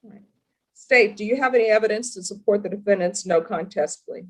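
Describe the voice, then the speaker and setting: A woman with a mid-range voice presides as a judge in a courtroom. She questions people formally and deliberately, with a stern edge. Her phrasing is measured and firm. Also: medium pitch, rough recording. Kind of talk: courtroom plea hearing.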